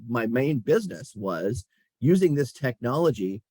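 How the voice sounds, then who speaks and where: A middle-aged man with a husky, slightly breathy voice talks through his career in an easygoing interview. He tells it as animated stories and chuckles as he goes. The recording is close and dry, with no room sound. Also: mid-range voice, measured pace, no room sound. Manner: animated storyteller, chuckles while talking. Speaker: guest, company chief executive. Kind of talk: casual interview conversation.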